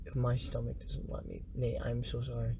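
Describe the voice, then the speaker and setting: A man's voice: medium pitch, completely flat delivery, moderate pace, creaky, noisy background. A young man co-hosting a podcast, joking and playful in casual chat. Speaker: podcast co-host, food reviewer.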